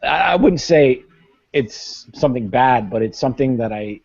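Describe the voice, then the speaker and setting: A man's voice: mid-range voice, expressive, normal speed, darkish tone, dull audio. A man in a casual podcast chat who makes dry, wry remarks. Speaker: podcast guest.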